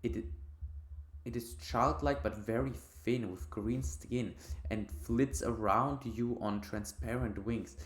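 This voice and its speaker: A man with a mid-pitched voice reads gamebook narration for a let's play, breaking off now and then for casual, offhand asides. The recording sounds roomy and echoey. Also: steady tone, slow pace. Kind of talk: reading a gamebook and reacting, casual. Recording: roomy echo.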